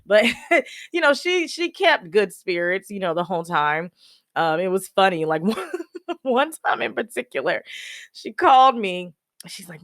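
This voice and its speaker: A woman's voice: medium pitch, sing-song, moderate pace, a bit bright, no room sound, clean studio sound. Chatty woman laughing through grief. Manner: laughs often while telling sad memories; many fillers like "you know" and "um". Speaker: podcast host. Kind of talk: personal storytelling, casual.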